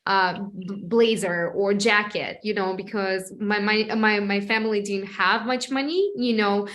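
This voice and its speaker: A woman's voice: medium pitch, fairly even intonation, unhurried, fairly bright tone. A woman from Russia with a Russian accent, hosting a podcast and talking casually with lots of "like, you know" fillers. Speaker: podcast host. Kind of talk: casual interview chat.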